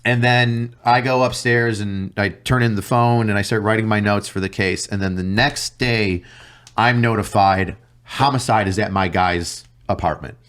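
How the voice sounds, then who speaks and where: A man's voice: lowish voice, normal speed. A man, a detective guest on a podcast, telling a work story casually, swearing and acting out both sides of conversations. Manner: animated, swears a lot, acts out dialogue in varied voices.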